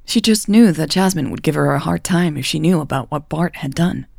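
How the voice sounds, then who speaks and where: Low, gravelly woman narrating. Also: fairly quick, darkish tone, no room sound, studio quality. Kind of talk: audiobook romance narration.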